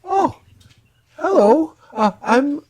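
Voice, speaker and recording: A woman's voice: sits high, lively intonation, drawn-out words, a little mellow, voice pushed up, exaggerated voice. A dungeon master voicing a young woman who runs a flower shop, greeting customers politely.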